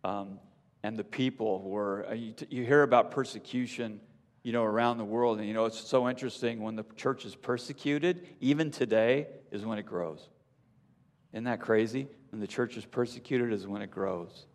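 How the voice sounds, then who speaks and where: A man preaching a sermon, reading a rhyming story in a measured tone before talking casually to the congregation. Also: fairly low pitch. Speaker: pastor. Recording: long hall reverb.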